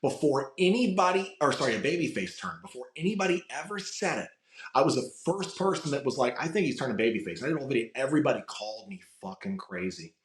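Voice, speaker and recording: A man's voice: medium pitch, sing-song, quick pace. Swearing man telling rambling stories. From United States. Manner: rambling storytelling with frequent swearing. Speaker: guest, wrestling content creator. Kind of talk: casual interview chat. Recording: echoey room.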